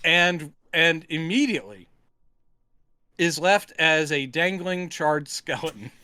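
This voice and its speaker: A man co-hosting a casual podcast chat, retelling movie scenes with animated, jokey delivery. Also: on the high side, takes it slowly, no room sound. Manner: animated, acts out scenes in silly voices. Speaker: podcast co-host.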